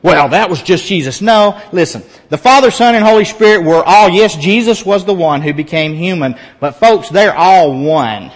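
A man's voice: high-pitched, expressive, moderate pace, few pauses, in a large hall. A man preaching a sermon as pastor, earnest and emphatic, repeating phrases to drive his point home.

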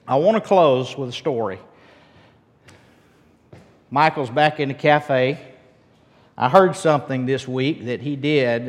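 A man preaching a relaxed, story-driven sermon as a pastor. He asks the congregation questions and often restarts his sentences. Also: medium pitch. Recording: long hall reverb.

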